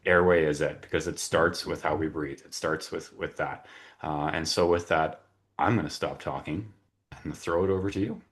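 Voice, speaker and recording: A very low-voiced man opens a webinar over a video call. He talks casually, with plenty of filler words and restarts. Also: fairly even intonation, moderate pace, fairly bright tone. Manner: chatty, frequent fillers and restarts. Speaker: webinar host.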